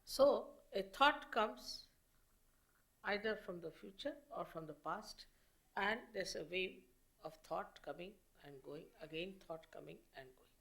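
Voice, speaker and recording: A woman giving a public spiritual lecture as a teacher, explaining slowly and in measured phrases with pauses. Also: medium pitch, animated, fairly bright tone.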